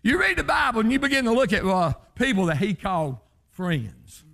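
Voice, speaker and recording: A high, gravelly male voice, preaching a revival sermon. He swings wildly in pitch, climbing into shouted, chanting phrases before dropping to a low, quiet tone. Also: lively intonation, moderate pace.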